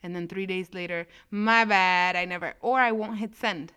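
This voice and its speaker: Animated bright-voiced woman telling stories. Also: on the low side, normal speed, clear, resonant tone. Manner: animated storyteller, mixes Spanish into English, acts out phone calls. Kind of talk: casual chat.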